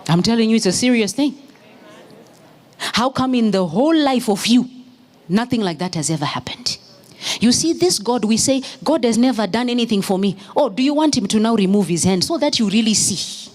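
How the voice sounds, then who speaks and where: A woman's voice: a little high, expressive, a little fast. Fervent woman preaching a sermon. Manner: storytelling, rising to fervent shouted exhortation. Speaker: pastor's wife preaching. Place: church.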